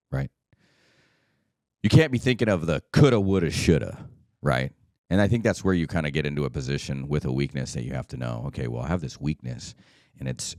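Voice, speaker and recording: A man's voice: rumbling low, darkish tone, no room sound, clean studio sound. A man hosting a solo podcast, talking casually and checking in often with "right?" and "okay?". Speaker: podcast host.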